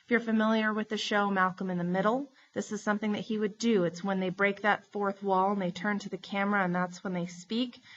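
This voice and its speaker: A woman teacher giving a recorded lesson, explaining terms in a clear, steady way. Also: mid-range voice, a little fast, hardly any pauses, lo-fi sound.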